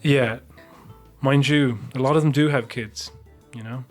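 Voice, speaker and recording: A man's voice: medium pitch, fairly even intonation, measured pace, faint music behind. A man on a podcast telling a long, rambling anecdote with plenty of swearing. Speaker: podcast co-host. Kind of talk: casual podcast chat.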